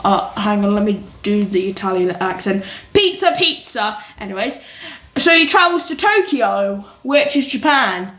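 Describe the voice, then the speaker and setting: A woman's voice: mid-range voice, moderate pace, fairly bright tone. A woman from England rambling casually through a movie ranking from her home kitchen, full of tangents and "anyways". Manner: rambling, scatterbrained, lots of "anyways" and restarts. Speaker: vlogger. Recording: echoey kitchen with faint birds.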